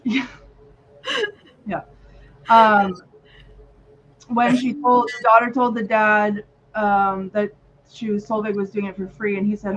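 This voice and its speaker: A woman's voice: medium pitch, steady tone, unhurried, pauses often, fairly bright tone. Gushing woman co-host, slightly muffled. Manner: gushing, rambling with many "um"s. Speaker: podcast co-host. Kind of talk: casual chat. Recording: slightly muffled with faint noise.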